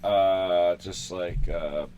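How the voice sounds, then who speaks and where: A man's voice: deep voice, fairly even intonation, drawn-out words, mellow. A man in his thirties hosting a casual online chat, joking and laughing at his own guesses, talking through a headset. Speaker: host chatting with a stranger online. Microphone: headphones with push-to-talk.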